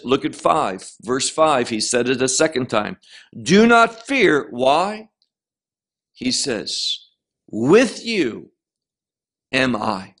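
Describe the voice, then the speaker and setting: A man teaches scripture at an unhurried pace. His voice sits a little high, and he leans hard on key words as he reads each verse aloud. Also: fairly bright tone. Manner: slow, deliberate, emphatic reading of scripture. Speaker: Bible teacher. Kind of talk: Bible teaching.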